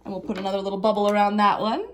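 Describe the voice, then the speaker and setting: A woman's voice: medium pitch, little pitch movement, rapid-fire, a little hiss or hum. A woman teaching children a lesson in a patient, explaining way while writing things down.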